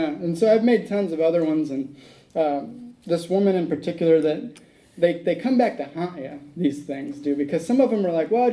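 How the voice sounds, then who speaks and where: A man's voice: on the high side, dark tone, low-quality recording. A man speaking at a recovery meeting, telling a rambling personal story, acting out the dialogue and laughing at his own tale.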